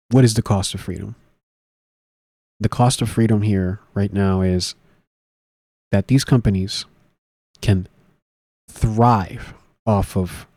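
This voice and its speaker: A man talks through politics in a loose, rambling way, stopping and restarting often and filling gaps with "uh" and "um". His voice sits a little low and sounds mellow and dark. The recording is dry and close, with no room sound. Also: no echo. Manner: rambling, many fillers and restarts. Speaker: political commentary host. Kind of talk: casual solo commentary.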